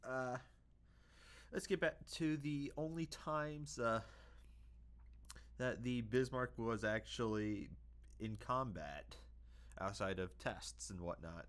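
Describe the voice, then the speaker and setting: A man's voice: medium pitch, slow, long pauses, fairly bright tone. A young man hosting a casual history video, hesitant, with many fillers and self-corrections.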